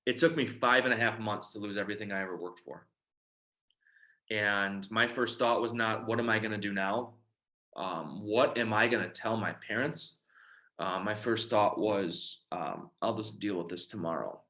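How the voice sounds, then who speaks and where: A man from Michigan speaks to a room about his own recovery. His voice sits a little low but rings bright and forceful. He tells his story and acts out each exchange. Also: normal speed. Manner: storytelling, acts out quoted dialogue. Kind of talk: personal testimony talk.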